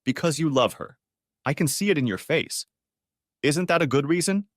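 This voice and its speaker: A shrill, indignant woman pleads with a friend in an audiobook story, as a male narrator puts her on. Her lines leap high and swing widely, and the sound is dry and close. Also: lively intonation, moderate pace, dry recording. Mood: earnest. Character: distraught adult woman friend.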